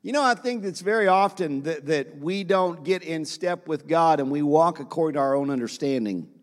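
A man's voice: a little high, moderate pace, long reverb tail. A man preaching a sermon as pastor, speaking to the congregation with repeated phrases and questions.

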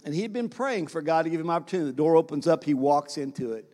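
High-voiced man preaching a sermon. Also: expressive, fast, a little mellow, in a large hall. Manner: preaches with repeated phrases and questions to the congregation. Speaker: pastor.

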